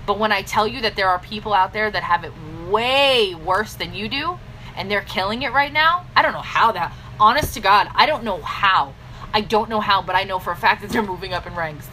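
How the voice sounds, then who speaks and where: Blunt, bright-voiced woman coach. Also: expressive, a little fast, slight background noise, poor audio. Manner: blunt, scolding pep talk with sudden pitch swings. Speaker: business coach. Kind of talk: direct-to-camera motivational vlog.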